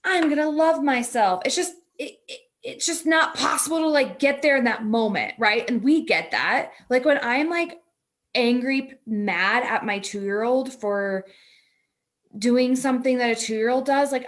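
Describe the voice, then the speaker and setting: A woman's voice: a little high, moderate pace. A woman co-hosting a talk, coaching a guest in a casual, chatty way, full of "like", acting out inner voices.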